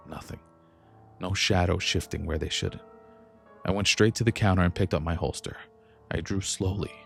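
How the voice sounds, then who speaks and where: Deep gravelly guy reading a creepy story, slow and tense, quiet music under it. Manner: measured, tense first-person storytelling. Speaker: narrator. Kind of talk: scripted horror story narration. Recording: soft music bed behind the voice. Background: faint instrumental music.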